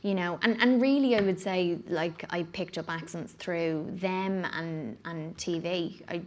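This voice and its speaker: A woman's voice: fairly low pitch, a little slow, a little hiss or hum. An Irish woman talking expressively and chattily as a guest in a casual interview, with fillers and laughs. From Ireland. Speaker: guest actor.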